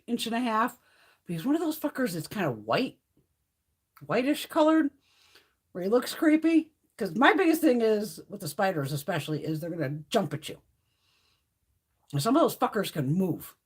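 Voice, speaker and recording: A woman's voice: medium pitch, a little mellow, slightly rough. A middle-aged woman hosting a beauty livestream, chatting casually with viewers and telling stories full of swearing and laughter. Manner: profane, laughing storyteller. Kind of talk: casual chat with live viewers.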